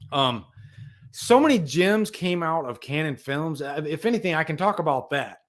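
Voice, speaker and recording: A man's voice: on the high side, big pitch swings, measured pace, a bit bright. A man hosting a casual live stream, rambling with enthusiasm and talking to viewers in the chat. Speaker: livestream host.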